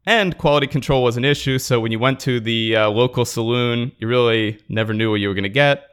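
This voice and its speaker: A man's voice: mid-range voice, brisk, few pauses, a bit bright, clean tone. A man co-hosting a casual podcast, teasing his co-host in a dry, mock-formal way.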